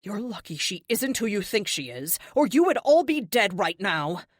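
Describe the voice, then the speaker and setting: A woman's voice: high-pitched, very animated, fairly quick, no room sound, studio quality, pitched above the performer's own voice. Woman voicing a fierce, protective woman. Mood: venomous.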